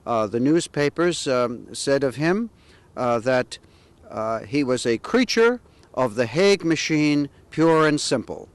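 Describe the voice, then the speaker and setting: A man tells stories of old local politicians, pausing often on "uh" as he recalls dates and names. His voice sits at an ordinary male pitch and is recorded dry, with little room sound. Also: big pitch swings, clean tone, no room sound. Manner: measured, anecdotal with frequent "uh" pauses. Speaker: local historian. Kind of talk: historical storytelling.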